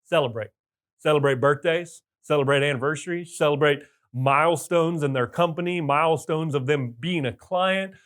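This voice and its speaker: Man, high voice, motivational business coach, energetic, loud bursts, emphatic repetition. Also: moderate pace. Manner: emphatic repetition of key points. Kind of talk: motivational talk to camera.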